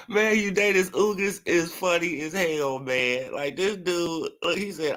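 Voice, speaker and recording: A man with a somewhat high voice hosts a loose sports commentary stream. He jokes and mocks, swears freely and breaks into laughter. He talks back to his chat as he goes. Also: slow, a bit bright. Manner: mocking, profane, laughs often, replies to chat. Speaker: boxing commentary host. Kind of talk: casual livestream sports commentary.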